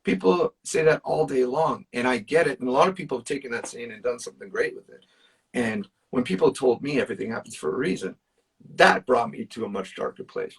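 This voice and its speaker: A man's voice: medium pitch, lively intonation, a little fast, gravelly, slightly rough, far from the mic. A man, a musician guest, telling personal stories in casual chat, earnest and emphatic, with plenty of fillers. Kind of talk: casual storytelling.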